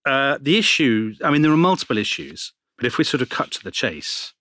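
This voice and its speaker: A man co-hosting a history podcast, telling stories in an animated way and laughing often. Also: medium pitch, brisk, no echo. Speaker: podcast co-host. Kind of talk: conversational history chat.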